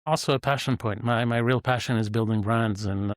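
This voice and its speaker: A man in later career, retired from running a large company, answers interview questions in a measured, thoughtful way. His voice sits in a middle pitch, recorded close and dry with no room sound. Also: fairly even intonation, dry recording. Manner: measured, reflective, with frequent fillers. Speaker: podcast guest, retired executive.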